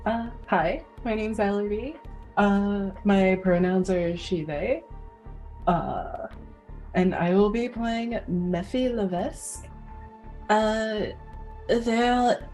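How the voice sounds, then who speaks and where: A woman's voice: medium pitch, slow, darkish tone, faint music behind, low-quality recording. A woman player hesitantly introducing her tabletop character with many fillers.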